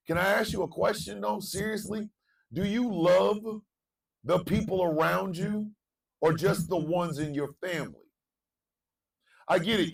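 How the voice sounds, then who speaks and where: Recorded far from the mic, this morning show host's gravelly voice delivers a fervent monologue. He repeats phrases and swings between quiet murmuring and shouting.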